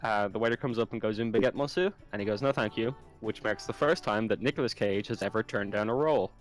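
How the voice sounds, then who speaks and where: Rambling low-voiced man telling jokes. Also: faint music behind. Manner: rambling, halting storyteller with restarts. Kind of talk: casual joke-telling among friends.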